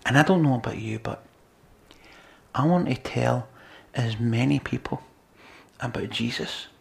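Male preacher, gravelly, earnest sermon delivery with loud and hushed passages. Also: medium pitch, measured pace. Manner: earnest, swings between loud emphasis and quiet near-whispers.

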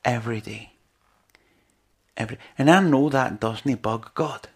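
A man's voice: medium pitch, measured pace, creaky, slightly rough. A man preaching a sermon in an earnest, conversational way, with lots of rhetorical questions to his listeners.

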